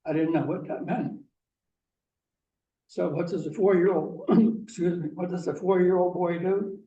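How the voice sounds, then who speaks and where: A man from Pennsylvania giving a talk, telling a personal story slowly and deliberately. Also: high voice, steady tone, warm tone, dull audio. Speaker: guest speaker. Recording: echoey room, mic far off, faint hiss.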